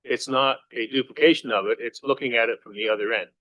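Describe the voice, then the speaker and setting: A man's voice: mid-range voice, fairly even intonation, fast talker, a bit bright, no room sound, muffled recording. Earnest male city councillor. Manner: earnest, repetitive argument. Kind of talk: council debate speech. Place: council chamber.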